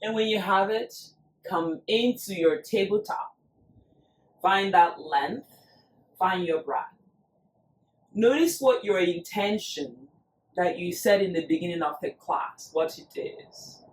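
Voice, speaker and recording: A yoga teacher leads a class in an unhurried, soothing way, pacing each cue to the breath. The voice sits back from the mic in a roomy space with a clear echo, and gentle music plays faintly beneath. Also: mid-range voice, animated, far from the mic, a little hiss or hum. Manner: slow, soothing cues paced to the breath. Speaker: yoga instructor. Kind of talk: guided yoga class instruction.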